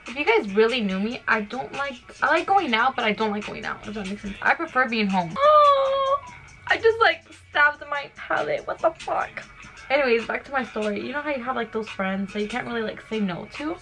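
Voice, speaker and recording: A young woman in a casual get-ready-with-me chat, talking fast and filling her sentences with "like" while she does her makeup at home. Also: on the high side, animated, fairly bright tone, soft background music. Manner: fast-talking, full of "like" fillers. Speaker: beauty vlogger.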